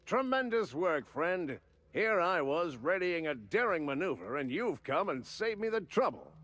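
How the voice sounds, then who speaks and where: An actor plays a swaggering, boastful male ship captain in a video game, using a booming, announcer-like delivery and grandiose, old-fashioned phrasing. It's a full character voice, fairly bright in tone, sing-song and measured in pace.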